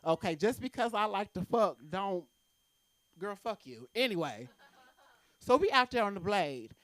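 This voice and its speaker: A woman's voice: medium pitch, expressive, measured pace, fairly bright tone, no room sound. A woman doing a brash, profane stand-up set at an open mic in a comedy club.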